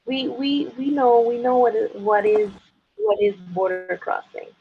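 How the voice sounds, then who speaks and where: Gravelly-voiced woman on a dull lo-fi line. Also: on the high side. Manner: teasing, halting with many restarts. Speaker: interview guest. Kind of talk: casual video chat. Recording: dull lo-fi sound.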